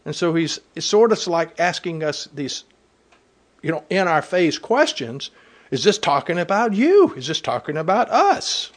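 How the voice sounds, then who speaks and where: A man's voice: fairly high pitch, big pitch swings, a little slow. A man preaching a sermon to his congregation, reading scripture aloud and driving home points with earnest emphasis.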